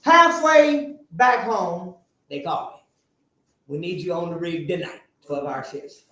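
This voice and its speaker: A man telling his recovery story to a live audience, animated and sometimes shouting. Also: on the high side, normal speed. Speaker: speaker sharing a recovery story. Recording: very echoey room, faint noise.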